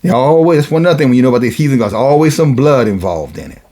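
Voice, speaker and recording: A man's voice: mid-range voice, lively intonation, racing, warm tone. A man preaching a sermon, reading and explaining scripture with emphatic, sarcastic asides.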